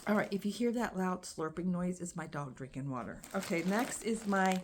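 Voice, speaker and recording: A woman's voice: medium pitch, moderate pace, background noise. Woman, crochet vlogger, casual phone-camera unboxing chat, crinkling packaging behind her. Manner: chatty, frequent ums and restarts.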